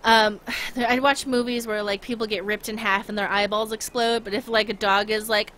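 A woman's voice: mid-range voice, flat delivery, moderate pace, fairly bright tone. A young woman streaming a game, chatting casually and rambling with giggles, talking to her chat and her dog.

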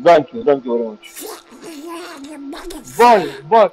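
A man on a video chat speaking broken English, calmly mocking and repeating the same lines. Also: fairly high pitch, a little slow. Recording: dull lo-fi sound.

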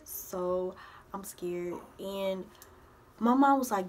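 A young woman vlogger, telling a personal story in a casual, animated way and acting out the voices of the people in it. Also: mid-range voice, takes it slowly, noisy background. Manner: animated retelling, acts out others' voices.

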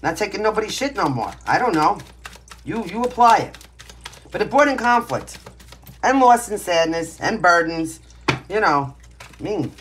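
Speaking at a normal pace but pausing often, this woman has a medium-pitched, very animated voice, with slight background noise. Originally from Brooklyn and carrying its accent, she does a casual, blunt, emphatic and brash tarot reading at home, pets close by.

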